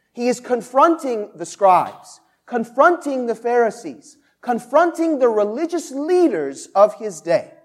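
A male pastor preaching a sermon, drawing answers from the congregation and building to loud, emphatic peaks on key words. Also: very high-pitched. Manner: call-and-response preaching, asks the congregation to answer.

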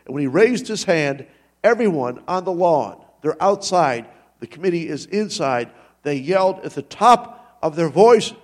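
A male pastor delivers a sermon in a church, his voice sitting a little on the high side. He tells the story with animated energy, dropping low and then surging into sudden loud rises. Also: moderate pace.

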